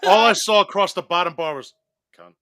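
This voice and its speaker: A man's voice: high voice, quick pace, crowd noise. A man bantering playfully in a casual podcast chat. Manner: laughing, playful.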